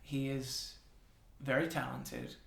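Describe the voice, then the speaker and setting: A game master voicing a calm, formal woman attendant who speaks in measured, apologetic phrases. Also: medium pitch, vocal fry, voice pushed down, full character voice. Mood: composed. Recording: roomy echo.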